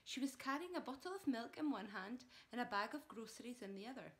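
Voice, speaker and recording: Lively woman reading a children's story. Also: a little high, fast talker. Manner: expressive storytelling. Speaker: primary school teacher. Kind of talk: reading a children's book aloud.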